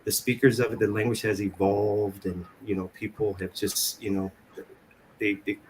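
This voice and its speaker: A man on a discussion panel, talking casually and haltingly, often restarting and repeating words. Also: on the low side, level tone, a little hiss or hum. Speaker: panelist on Cherokee language.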